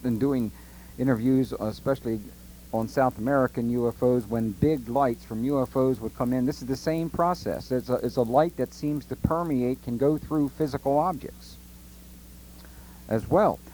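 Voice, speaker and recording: A man's voice: medium pitch, normal speed, a little hiss or hum, poor audio. Probing male radio host. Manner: probing questions with gentle prompts. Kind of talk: radio interview.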